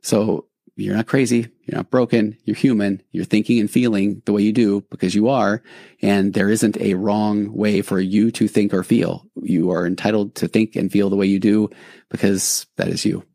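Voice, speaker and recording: A man's voice: fairly low pitch, flat delivery, normal speed, creaky, warm tone, no room sound, studio quality. A man hosting a podcast, talking in an earnest, reassuring and reflective way, with conversational restarts. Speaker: podcast host. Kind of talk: casual podcast monologue.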